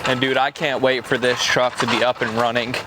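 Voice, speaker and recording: A young man casually vlogging about a truck build, relaxed and peppered with "dude". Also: medium pitch, a little fast. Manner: laid-back, says "dude" a lot. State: out of breath. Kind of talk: casual shop vlog talk. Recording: noisy outdoor camera audio.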